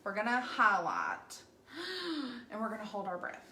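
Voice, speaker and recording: A woman's voice: on the high side, big pitch swings, measured pace, bright, forceful tone. A woman hosting a casual live painting stream, bubbly and chatty with viewers, recorded at home on a device mic at a distance. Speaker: craft painter hosting a livestream. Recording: echoey room with faint noise.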